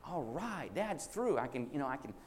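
A man voicing an excited little boy in a sermon story. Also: mid-range voice, normal speed, natural voice. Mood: eager. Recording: echoey hall with faint hiss.

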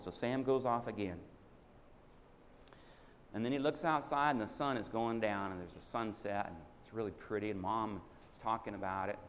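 A man's voice: lowish voice, fairly even intonation, normal speed. A man preaching a sermon as a folksy story. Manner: folksy, acts out child and father voices in a story. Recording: echoey hall with faint hiss.

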